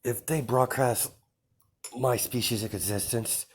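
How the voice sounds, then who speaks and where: A man voicing a proud female vampire princess who is a stern mother, delivering improvised lines with hesitant pauses and fillers. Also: mid-range voice, steady tone, husky, voice pushed up.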